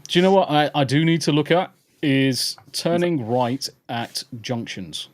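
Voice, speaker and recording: A man's voice: on the high side, expressive, a little slow. A British man hosting a podcast, chatting casually with sweary, jokey banter. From Britain. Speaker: podcast host. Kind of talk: casual chat.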